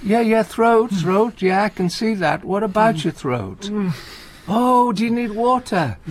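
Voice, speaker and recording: An actor playing a gentle, anxious older comedian in a radio play, talking in halting, stammering restarts. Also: male voice, high-pitched, expressive. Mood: pleading. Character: aging male comedian, gentle, anxious, talkative. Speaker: visiting friend and comedy partner.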